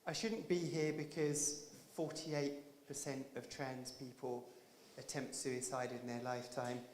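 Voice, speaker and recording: A woman's voice: extremely low pitch, fairly even intonation, unhurried, darkish tone, a little hiss or hum. Blunt woman giving a keynote. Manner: blunt, serious, quoting figures. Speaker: keynote speaker, charity founder. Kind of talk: keynote speech. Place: stage in a large event hall. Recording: echoey event hall.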